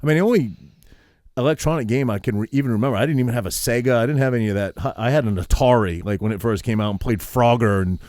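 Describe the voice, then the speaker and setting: A man's voice: medium pitch, fast talker, darkish tone, no room sound, clean studio sound. A middle-aged man from Maine, co-hosting a podcast and talking things over in a reflective, easy way. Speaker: podcast co-host. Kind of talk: casual chat.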